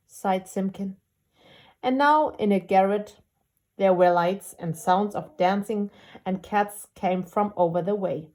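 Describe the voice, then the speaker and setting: A woman reads a classic storybook aloud, slowly and without hurry. Her voice is mellow and soft, pitched in the middle, with a gentle storyteller's manner. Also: steady tone.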